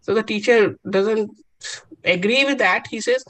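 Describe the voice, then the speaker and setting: A woman's voice: fairly high pitch, fairly even intonation, normal speed, a bit bright, low-quality recording. A woman giving an inaugural science talk as guest speaker, telling stories and asking questions earnestly. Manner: earnest, question-driven storytelling. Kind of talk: inaugural lecture storytelling.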